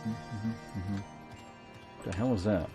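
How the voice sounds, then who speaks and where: A man's voice: lowish voice, fairly even intonation, takes it slowly, warm tone, faint music behind. A man streaming a game he plays for the first time, chatting casually, musing aloud and swearing now and then. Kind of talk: casual gaming commentary.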